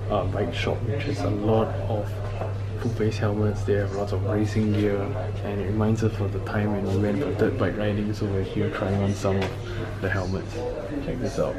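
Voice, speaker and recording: A man's voice: fairly low pitch, flat delivery, moderate pace, loud music behind the voice. A young man with a Singaporean English accent, vlogging in a chatty, jokey way and laughing easily as he wanders through shops and streets. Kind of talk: casual vlog narration. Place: out and about in city streets and shops. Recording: noisy outdoor street recording.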